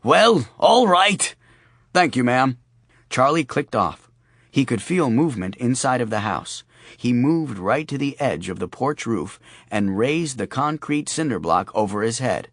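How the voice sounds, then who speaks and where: A man's voice: mid-range voice, animated, moderate pace, dry recording, studio quality. A man narrating an audiobook in a wry, storytelling manner. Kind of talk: scripted narration.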